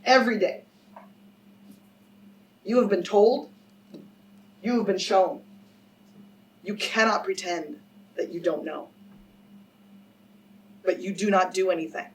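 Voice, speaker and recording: A woman scholar gives a public lecture, telling a story to a live audience in a mid-range, steady voice that is a little slow with frequent pauses. She is emphatic and direct, often putting questions to the crowd, and she sits a little far from the mic with faint background noise.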